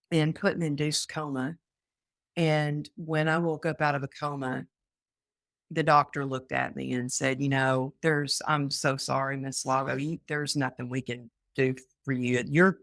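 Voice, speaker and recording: A woman's voice: extremely low pitch, unhurried, dry recording, clean studio sound. A woman from Texas, a guest on an interview show, telling her own story with energy and acting out the voices she quotes. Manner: animated, acts out quoted voices.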